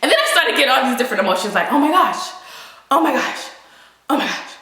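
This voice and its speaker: Animated woman telling a story in an echoey room. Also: quick pace. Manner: expressive, laughs through lines, acts out her own panic in a high voice. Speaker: vlogger telling a personal story.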